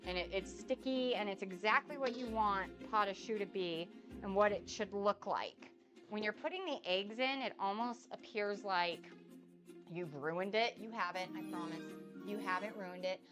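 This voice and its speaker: Over background music, a woman with a mid-range voice hosts a casual cooking live stream from her home kitchen at a moderate pace. She's bubbly and effusive, thanking her viewers again and again.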